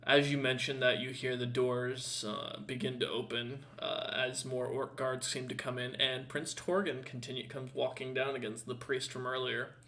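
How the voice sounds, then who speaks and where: Bright-voiced man narrating as game master. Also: medium pitch, little pitch movement. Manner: halting, full of fillers. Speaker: dungeon master.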